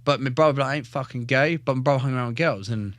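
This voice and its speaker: As a guest on a podcast, a male professional fighter recounts his life story casually, bluntly, with profanity and jokes, frequently stumbling over and repeating words. He speaks fast in a mid-range voice with a fairly bright tone and no room sound.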